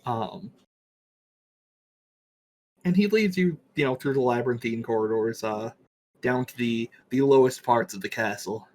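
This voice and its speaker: A man's voice: medium pitch, measured pace, pauses often, darkish tone, a little hiss or hum. A man narrating as game master of a tabletop game, talking casually with many fillers and the odd swear.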